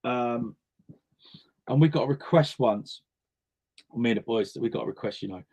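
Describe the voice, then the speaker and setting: A chatty man, answering interview questions in a relaxed, storytelling way. His voice sits at a middling pitch for a man, and he often repeats a word or two while he gathers his thoughts. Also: moderate pace, husky. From North West London. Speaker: interview guest, singer and actor. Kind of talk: casual interview chat.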